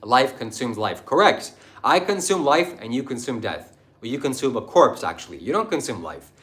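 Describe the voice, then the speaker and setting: A man's voice: mid-range voice, big pitch swings, normal speed, fairly bright tone. Man, livestream host, combative, mocking, preachy lecturing. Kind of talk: livestream talk answering chat.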